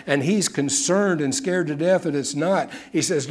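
A man's voice: mid-range voice, fairly even intonation, normal speed, hardly any pauses. A man preaching a sermon in an earnest way, often dropping to a near-whisper on key phrases. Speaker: pastor.

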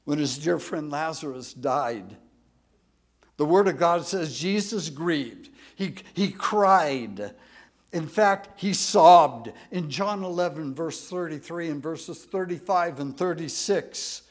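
Lively high-voiced preaching man. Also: slow. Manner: emotional, swings between hushed and emphatic; asks the congregation for a show of hands. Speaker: pastor. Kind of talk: sermon.

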